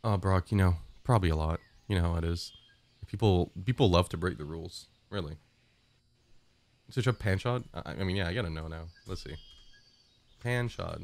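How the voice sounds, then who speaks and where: A man's voice: sits low, a little mellow, no echo. A man streaming a game, chatting casually and joking as he reads chat messages aloud.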